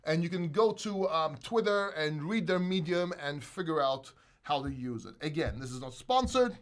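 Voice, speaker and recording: Male livestream host, high voice, casual and profane, laughs easily. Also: normal speed. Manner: laughs a lot, swears freely, animated.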